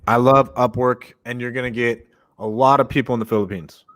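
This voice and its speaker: A young adult man co-hosting a casual podcast, talking in a direct, energetic coaching tone. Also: mid-range voice, brisk. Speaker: podcast co-host.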